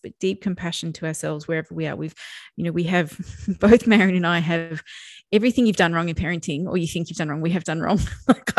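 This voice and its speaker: A woman's voice: lowish voice, no echo. A woman co-hosting a podcast, talking in a loose, easygoing way. She laughs often and slips into acting out what others say. The sound is close and dry, with no room around her. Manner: animated, acts out quoted speech, laughs often. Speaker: podcast co-host. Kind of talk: casual conversational podcast.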